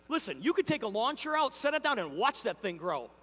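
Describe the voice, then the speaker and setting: A man with a very high voice gives a motivational keynote at a company convention. He tells the story with energy and acts out the back-and-forth with a neighbor himself. His voice carries a long reverb from a large hall. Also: sing-song, brisk, hardly any pauses, sharp tone. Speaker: company executive speaking at a convention.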